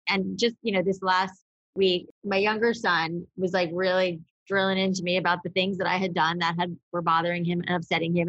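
A woman's voice: lowish voice, fairly bright tone, dry recording, dull audio. A woman co-hosting a podcast, talking frankly and rambling with lots of fillers and the odd swear word. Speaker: podcast co-host. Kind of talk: candid conversational chat.

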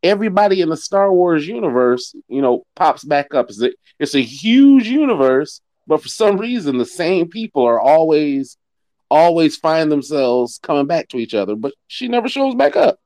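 A middle-aged man chatting casually during a watch-along, his voice swinging up and down as he jokes. He sits a touch high in pitch, and the sound is dry and close. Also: moderate pace, no room sound. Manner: animated, jokey storyteller. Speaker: podcast co-host. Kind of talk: casual chat while watching a film.

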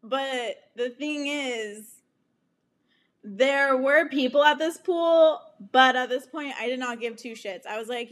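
Young woman host, unhurried and slightly high, candid profane storytelling with laughs. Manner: frank and profane, laughing often, with animated quoted asides. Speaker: podcast host.

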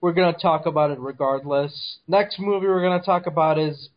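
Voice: mid-range voice, steady tone, fairly quick, dull audio. Blunt, cursing podcast co-host. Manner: blunt and heavily profane. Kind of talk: casual movie review chat.

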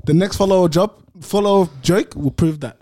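A man's voice: high-pitched, mellow. A young man on a podcast telling jokes, teasing the others and drawing out his punchlines. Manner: teasing, tells jokes with drawn-out delivery. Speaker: podcast co-host reading jokes. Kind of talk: joking group chat.

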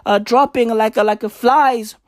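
A woman putting on a flustered, stuttering health worker, halting and full of fillers. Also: a little high, fairly even intonation, no room sound, clean studio sound, close to an everyday voice.

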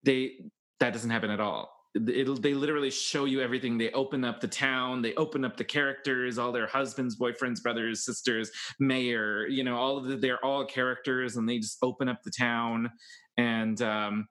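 A man's voice: medium pitch, fairly even intonation, fairly bright tone. Opinionated man in casual chat. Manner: opinionated, talks in long rapid run-ons. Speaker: podcast co-host. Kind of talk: casual chat about films and plays.

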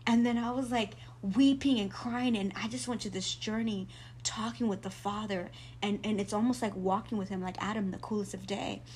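A woman guest telling her faith testimony in an earnest, animated way. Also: mid-range voice, moderate pace, slight background noise.

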